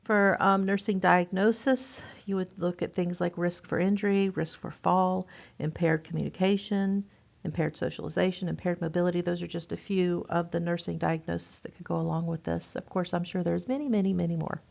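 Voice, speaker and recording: A woman teaching a nursing class in a relaxed, informal way, with lots of ums and restarts. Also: fairly low pitch, moderate pace, vocal fry. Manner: informal, many fillers and restarts. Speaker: nursing instructor. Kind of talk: recorded lecture. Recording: dull lo-fi lecture recording.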